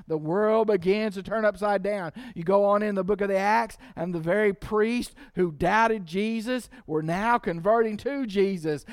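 A man's voice: high voice, no echo, studio quality. A man preaching a sermon as pastor, emphatic and repeating key lines for the congregation to say with him.

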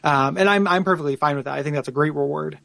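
Gravelly-voiced man in casual podcast chat. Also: fairly high pitch, quick pace, fairly bright tone, dry recording. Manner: rambling, many restarts and fillers. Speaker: podcast co-host.

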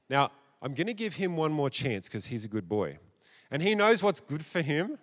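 A man preaching a sermon in a church, theatrical and animated, his loudness rising and dropping. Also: a little high, moderate pace. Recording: echoey church hall.

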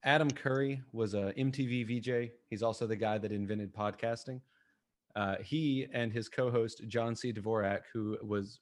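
A man on a podcast giving a recommendation in a plain, matter-of-fact way. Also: on the low side. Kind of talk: casual podcast chat.

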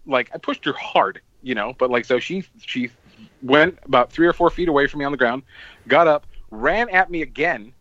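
A man casually telling a long, rambling story on a podcast. He swears a lot and acts out what people said with sudden jumps in pitch. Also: lively intonation, normal speed, fairly bright tone, no room sound, dull audio. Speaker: podcast host.

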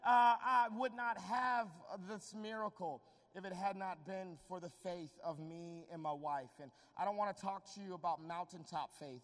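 A man's voice: high-pitched, a little mellow. A man preaching a live sermon in an emphatic way, urging the crowd to call back to him in a large hall. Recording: long hall reverb.

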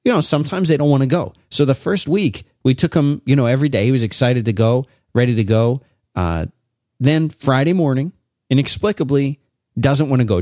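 A man's voice: medium pitch, a little mellow, dry recording, clean studio sound. A father telling a rambling parenting anecdote in casual podcast chat.

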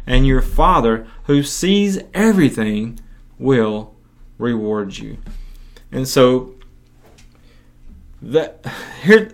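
Man, podcast preacher, earnest, repeats words, mid-pitched voice. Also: fairly bright tone. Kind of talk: Bible reading and podcast teaching.

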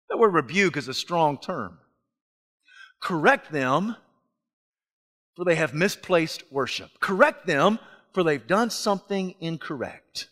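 A man preaching a sermon in a church, animated, asking rhetorical questions and swinging from hushed to shouting. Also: on the high side, slow pace, pauses often. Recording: long reverb of a large hall.

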